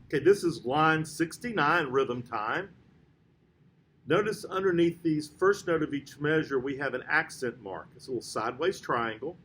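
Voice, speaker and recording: A man teaching a band lesson, counting beats aloud and explaining rhythm in a steady, patient way. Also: fairly high pitch, noisy background. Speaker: music teacher.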